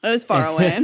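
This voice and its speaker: A young woman co-hosting a casual podcast chat, telling stories with frequent laughter. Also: on the high side. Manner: giggly, animated storyteller. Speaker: podcast co-host.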